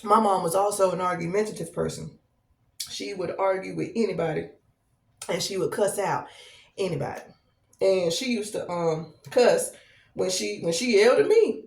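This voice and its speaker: A woman's voice: mid-range voice, normal speed, gravelly, a little mellow. A woman hosting a podcast, speaking in a frank, candid personal monologue, swearing freely and asking "right?". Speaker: podcast host. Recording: echoey room, voice off-mic.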